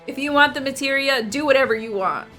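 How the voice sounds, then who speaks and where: A gruff, cursing middle-aged pilot, as a woman reads his game lines aloud in her own voice. The delivery is high and bright, and blunt in manner. Faint game music sits underneath. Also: fast.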